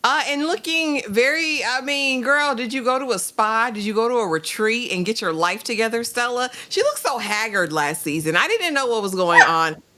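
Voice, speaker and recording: A woman co-hosting a casual TV review chat, talking in a sassy, playful way with quick asides. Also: a little high, animated, bright, forceful tone, a little hiss or hum. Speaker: co-host.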